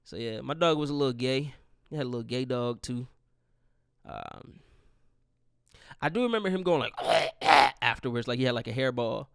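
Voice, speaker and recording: A man's voice: medium pitch, animated, normal speed, gravelly, long pauses, clear, resonant tone, no room sound, studio quality. A man in his twenties hosting a podcast, telling a rambling, profane, grieving story in a casual monologue. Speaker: podcast host.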